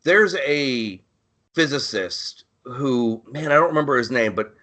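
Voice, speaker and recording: A man's voice: medium pitch, animated, unhurried, pushed and bright. A man co-hosting a podcast in casual chat, rambling and profane, often searching for his words. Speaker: podcast co-host.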